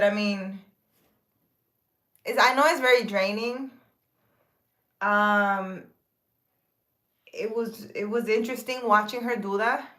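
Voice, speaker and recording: A woman with a medium-pitched, slightly bright voice, who works as a spiritual healer, chats informally with her viewers. She reads their comments out and answers them, rambling along with lots of fillers and restarts.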